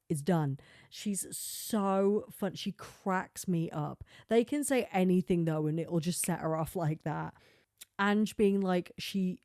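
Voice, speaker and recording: A lower-pitched woman talks through her solo podcast in a loose, rambling way, stacking filler words and breaking into laughs. Her voice is close and dry, with almost no room sound. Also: mellow, no echo. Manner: chatty, rambling, peppered with "like" and laughs. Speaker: podcast host. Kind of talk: casual solo podcast chat.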